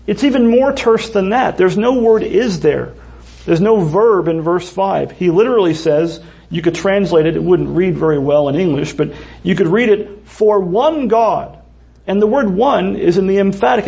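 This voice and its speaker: A man's voice: high voice, creaky, darkish tone. A man preaching a sermon as pastor, earnest and emphatic, often restarting his phrases.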